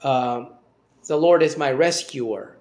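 A man's voice: mid-range voice, slow, darkish tone. A man giving an informal Bible study talk, hesitant, with many fillers and restarts. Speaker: Bible teacher.

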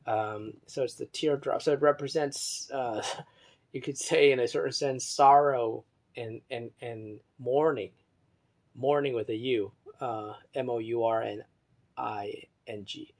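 A man talks on his own in a meandering monologue, reading from an article as he goes. His voice sits at an ordinary middle pitch. He hesitates often, restarts phrases, and spells out words one letter at a time, drifting between soft muttering and louder emphasis. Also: steady tone, unhurried.

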